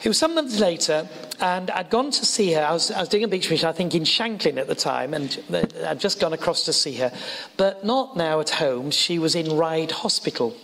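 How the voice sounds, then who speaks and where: Northern English preacher in an echoing hall. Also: male voice, on the high side, animated, moderate pace, fairly bright tone, slight background noise. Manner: earnest storytelling, rising to emphatic peaks. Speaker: evangelist preacher. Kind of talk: sermon. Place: college chapel. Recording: reverberant hall.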